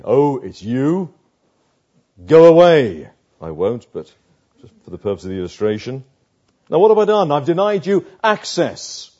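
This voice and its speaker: A man preaching a sermon, slow and emphatic, with dramatic pauses between phrases. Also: medium pitch, darkish tone, slightly rough, dull audio.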